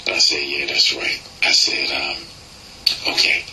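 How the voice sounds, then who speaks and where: Deep-voiced laid-back radio host. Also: male voice, animated, normal speed, pushed and bright, a little hiss or hum, poor audio. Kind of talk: casual radio interview.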